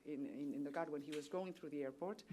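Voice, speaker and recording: A woman with a Spanish accent speaks in a notably low voice, delivering formal prepared remarks at a seminar. Her tone is earnest and steady as she works through economic figures one after another. Spanish is her first language. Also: fast talker, slight background noise. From Spain. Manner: formal and earnest, reciting statistics. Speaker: trade official on a panel. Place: seminar venue.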